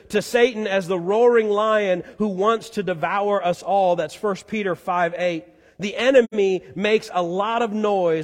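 High-voiced preacher in an echoing church. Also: male voice. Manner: earnest, swells loud then drops quiet. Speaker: pastor. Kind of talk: sermon. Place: church sanctuary. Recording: long reverb in a church hall.

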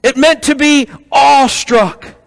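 High-voiced male preacher in echoing hall. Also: takes it slowly, gravelly. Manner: animated storytelling with rhetorical questions. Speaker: pastor. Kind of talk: sermon. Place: church hall with congregation. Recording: echoey hall.

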